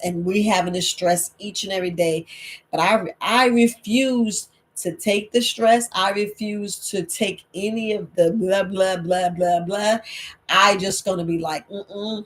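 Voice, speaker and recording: Woman herbalist host, emphatic and preachy, hammers points home, mid pitch. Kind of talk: late-night Q&A livestream talk.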